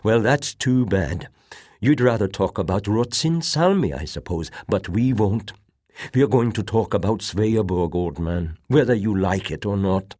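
A man reading an audiobook plays a hard-edged army officer, stern and bitter, pressing each word with force. His delivery is slow and lively in pitch, with a dry, close sound. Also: no echo, exaggerated voice. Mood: angry.

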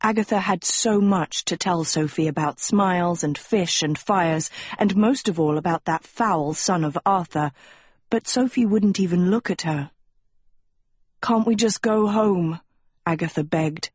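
A woman narrating an audiobook chapter in a measured, even storytelling manner. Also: on the low side, breathy edge, dry recording. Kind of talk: scripted narration.

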